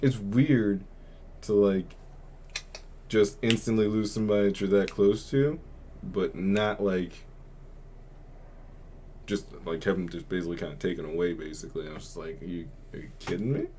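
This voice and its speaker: Low-voiced young man telling a rambling story. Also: steady tone, moderate pace, pauses often, darkish tone, a little hiss or hum. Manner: rambling, heavy filler words, subdued. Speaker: podcast host. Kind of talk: casual storytelling.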